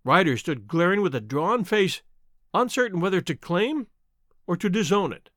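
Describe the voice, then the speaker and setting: A man narrating an audiobook in an expressive storytelling voice. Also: high-pitched, normal speed, dry recording, clean studio sound. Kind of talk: audiobook reading.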